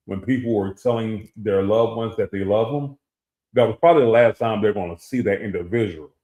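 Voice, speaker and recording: A man's voice: on the low side, warm tone. A middle-aged man co-hosting a casual talk show and telling a personal story, acting out the voices he quotes. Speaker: co-host. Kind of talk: casual chat. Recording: echoey room.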